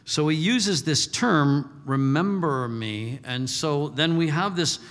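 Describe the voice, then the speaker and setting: A man's voice: fairly high pitch, takes it slowly, fairly bright tone, in a large hall. A man preaching a sermon as pastor, reading scripture and talking in a conversational way with playful asides.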